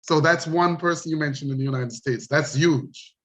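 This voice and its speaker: A man's voice: a little high, normal speed, fairly bright tone. A man in his sixties with a Jamaican accent, hosting an interview in an encouraging, preacherly way. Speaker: host. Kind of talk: interview talk.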